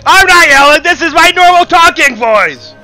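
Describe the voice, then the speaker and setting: A man voicing an irate elderly brother who yells and blames, in a shrill, shouting voice. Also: expressive, normal speed, over music. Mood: furious. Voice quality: shrill, yelling.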